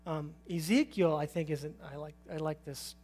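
A man's voice: a little high, steady tone, moderate pace, darkish tone. A man preaching a sermon in an informal, conversational way, putting questions to his listeners and chuckling now and then. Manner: informal, asks the audience questions, chuckles often.

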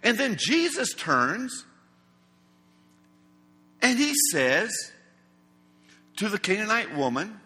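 A male preacher delivers a sermon in a high, bright, slightly husky voice. He speaks slowly and dramatically, acting out each quote. The sound rings with a long hall reverb. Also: sing-song. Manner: emphatic, slow and dramatic, acts out quotes.

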